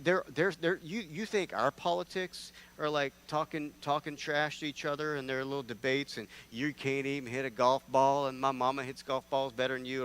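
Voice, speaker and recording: A man preaches in a church, his voice sitting in an ordinary middle register. He talks to the congregation in a loose, animated way, often restarting his phrases before pushing ahead. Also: medium pitch. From North Carolina. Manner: animated, conversational, with repeated restarts. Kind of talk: sermon.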